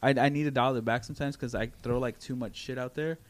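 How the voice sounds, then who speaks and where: A man chatting casually on a podcast as a guest, an excitable storyteller who swears freely and acts out other people's lines. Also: medium pitch, quick pace. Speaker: guest, former podcast host.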